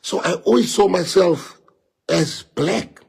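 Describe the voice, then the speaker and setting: A man's voice: sits high, takes it slowly, creaky, a little mellow, slightly rough. A man from South Africa with a South African accent, a native Afrikaans speaker, giving an impassioned monologue to followers and repeating rhetorical questions. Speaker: politician addressing followers. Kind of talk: emotional live-streamed monologue.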